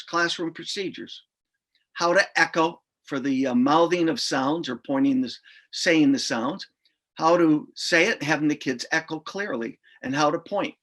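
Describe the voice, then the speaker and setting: A man's voice: mid-range voice, fairly bright tone. A middle-aged man explaining reading lesson procedures in an informal way, sounding out letters aloud as he goes. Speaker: reading instructor. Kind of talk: instructional explanation.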